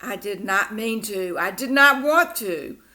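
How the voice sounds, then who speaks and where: A woman reading a children's picture book aloud, expressive and animated. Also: medium pitch, measured pace. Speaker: storyteller.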